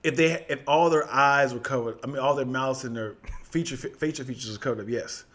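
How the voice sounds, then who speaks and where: A man co-hosting a casual podcast, rambling excitedly and laughing through his stories. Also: mid-range voice, brisk, a crowd in the background. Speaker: podcast co-host. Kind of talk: casual chat.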